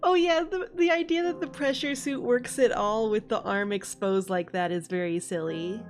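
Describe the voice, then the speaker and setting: A woman's voice: fairly high pitch, moderate pace, soft background music. A young woman streamer giving casual let's-play commentary, wry and laughing, mocking the characters. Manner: wry, laughing, mocks characters in silly voices. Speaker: game streamer.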